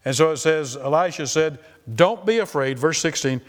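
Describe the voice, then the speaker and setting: A man's voice: a little high, normal speed, few pauses. A man preaching a sermon, reading scripture and acting out the quoted voices with lots of repetition. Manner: animated, repeats phrases, acts out quoted voices.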